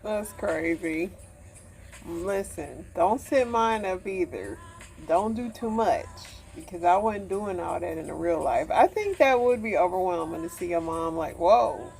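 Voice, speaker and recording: A woman's voice: lowish voice, lively intonation, measured pace, vocal fry, darkish tone, soft background music. A woman hosting a casual podcast, reading news headlines and giving offhand comments. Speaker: host. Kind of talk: casual news chat and reactions.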